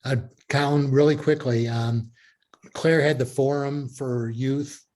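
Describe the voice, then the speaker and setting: A man co-presenting over a video call, chiming in briskly with facts. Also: medium pitch, fairly even intonation, darkish tone.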